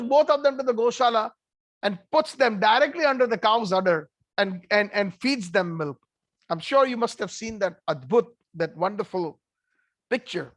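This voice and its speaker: A man giving an animated devotional storytelling talk with conversational asides. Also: high voice, no room sound. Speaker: devotional speaker.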